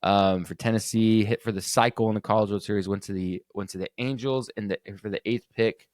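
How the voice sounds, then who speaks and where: A man's voice: fairly low pitch, steady tone, fairly quick, a little mellow, dry recording, clean studio sound. A young man hosting a casual solo sports podcast, rambling loosely with lots of fillers and restarts. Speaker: podcast host.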